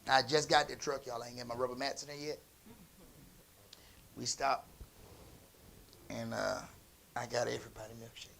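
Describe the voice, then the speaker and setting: A man's voice: mid-range voice, fairly even intonation, normal speed, gravelly, pauses often. Folksy preacher man telling a story. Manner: conversational, folksy, swings between soft asides and emphatic bursts. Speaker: pastor. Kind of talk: storytelling sermon.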